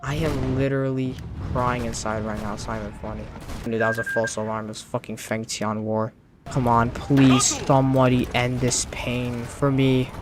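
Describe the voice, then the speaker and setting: A man's voice: medium pitch, little pitch movement, normal speed, background noise. A man giving let's-play commentary while gaming, exasperated, pleading and swearing often. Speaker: gaming channel host.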